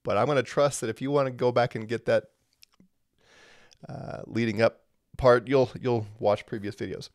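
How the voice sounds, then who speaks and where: Male Bible teacher, mid-pitched, chatty and emphatic with lots of "uh"s, close dry sound. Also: normal speed, dry recording. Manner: conversational and animated, with frequent fillers and emphatic stresses. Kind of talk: livestreamed Bible lesson.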